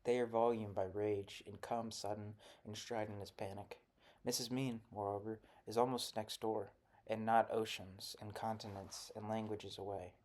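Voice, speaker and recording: A man narrating a literary short story in a measured, even reading. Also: on the low side. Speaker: audiobook narrator.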